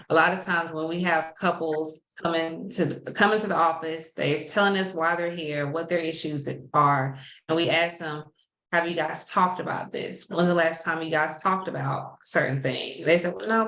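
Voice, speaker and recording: A woman therapist explaining relationship tools in a steady, practical way, with small restarts. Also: lowish voice, echoey room, poor audio. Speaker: therapist co-host. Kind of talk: explaining counseling tips.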